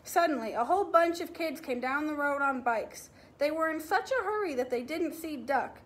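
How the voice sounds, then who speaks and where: A kindergarten teacher, a woman, reading a picture book aloud to young children, with expressive storytelling and animal sounds. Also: sits high, moderate pace, a little hiss or hum.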